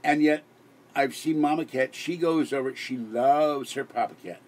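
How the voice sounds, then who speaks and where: A man's voice: medium pitch, moderate pace, a little mellow. An exhausted older man who hosts a live stream, rambling and giggling with many restarts late at night. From Pittsburgh area. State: exhausted, sleep-deprived.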